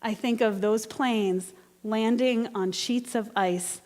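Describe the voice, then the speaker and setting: A woman's voice: a little high, a little slow. Woman preaching in a reverberant hall. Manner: earnest, conversational preaching with personal storytelling. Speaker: guest minister. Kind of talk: sermon. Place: church sanctuary.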